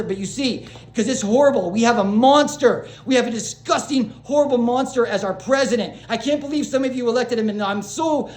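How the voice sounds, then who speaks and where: A small-channel vlogger, a woman, launches into an unscripted rant to camera, agitated and rambling, restarting sentences, swearing, then apologizing to her viewers. Her voice sits on the high side with a darkish tone, and the recording has a roomy echo.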